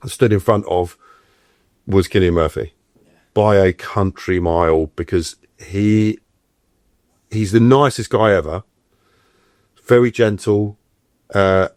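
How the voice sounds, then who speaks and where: Middle-aged guy chatting on a podcast, fairly low voice, animated storyteller, dry close sound. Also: slow pace, pauses often, dry recording. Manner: animated, acts out quoted voices. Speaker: actor guest on a podcast. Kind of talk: casual interview storytelling.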